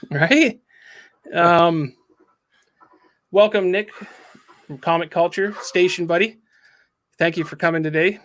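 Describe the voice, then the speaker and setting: A man's voice: high voice, steady tone, normal speed, pauses often. A man hosting a casual review chat, recapping a story with frequent ums and acting out the quotes. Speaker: comic book reviewer.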